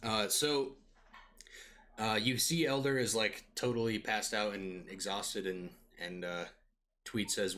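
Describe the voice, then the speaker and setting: A male game master narrating a tabletop adventure in a low but bright, forward voice. He describes scenes loosely, with plenty of "like" and "uh" along the way. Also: fairly even intonation, slow pace. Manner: loose, descriptive, many fillers like "like" and "uh".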